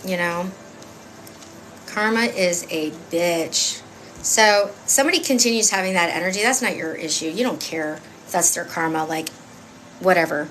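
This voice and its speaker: A woman's voice: fairly low pitch, a little fast, fairly bright tone, a little hiss or hum. A woman giving a live-stream tarot reading in a chatty, emphatic, rambling way with many fillers. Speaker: tarot reader.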